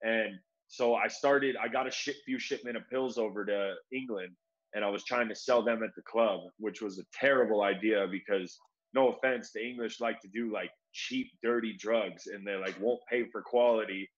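A man telling a long story in relaxed, casual talk, peppered with "bro". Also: fairly low pitch, moderate pace, lo-fi sound. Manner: laid-back, says "bro" a lot, acts out quoted voices. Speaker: guest.

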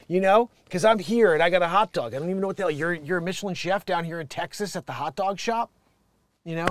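Speaking fast with a high voice and lively intonation, a man hosts his own show from a home studio. He delivers rambling, profane, comedic rants and laughs a lot.

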